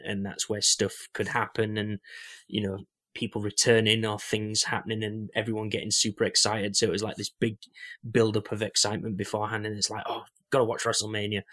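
A man's voice: on the low side, pushed and bright. A young man co-hosting a podcast in casual chat, rambling with lots of fillers and restarts. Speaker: podcast co-host.

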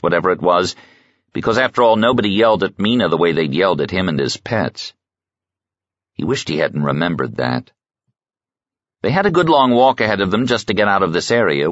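Deep-voiced male audiobook narrator. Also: fairly bright tone, dry recording, lo-fi sound. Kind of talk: scripted narration.

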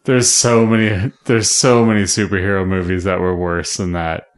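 A man co-hosting a casual podcast chat, excitable and profane, laughing often. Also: deep voice, moderate pace. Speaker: podcast co-host.

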